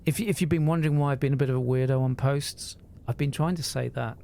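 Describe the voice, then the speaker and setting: A man's voice: medium pitch, steady tone, fast, creaky, mellow, a little hiss or hum. A man, talking to live-stream viewers in an earnest, emotional, rambling way, swearing freely and often restarting his sentences.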